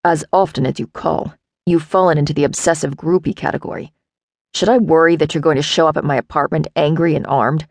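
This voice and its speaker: Lady doing a deep growly guy, curt and fed up, slow and gravelly. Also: fairly even intonation, darkish tone, no echo. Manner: curt, dismissive. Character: gruff impatient man, security expert.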